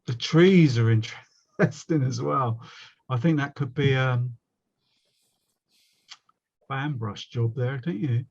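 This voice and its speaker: West Country man, chatty self-mocking art tutor, mid pitch, muffled call audio. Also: takes it slowly, gravelly, pauses often, a little mellow. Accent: West Country English. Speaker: watercolour painting teacher. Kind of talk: casual online workshop teaching.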